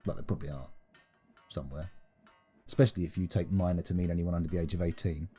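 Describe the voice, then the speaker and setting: A man's voice: sits low, fairly even intonation, quick pace, dark tone, husky, soft background music. A man giving playful, rambling, self-mocking commentary while streaming a game live.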